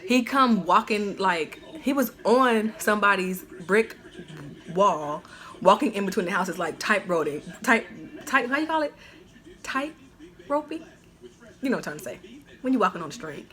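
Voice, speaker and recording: A woman telling a personal story in a casual storytime vlog, animated and slangy, with lots of "like" fillers. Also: lowish voice.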